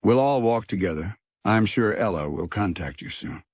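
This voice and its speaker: A man's voice: on the low side, lively intonation, moderate pace, a little mellow, no echo, studio quality, voice pushed up. A man voicing Percy, a cheerful, reassuring male bird with old-fashioned manners, in a storybook reading. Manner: chummy, reassuring.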